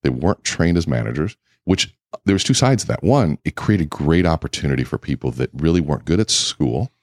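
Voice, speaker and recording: A man guest in a casual interview, telling lively anecdotes full of quoted dialogue. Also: a bass voice, a little fast, no echo, clean studio sound. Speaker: keynote speaker and guest.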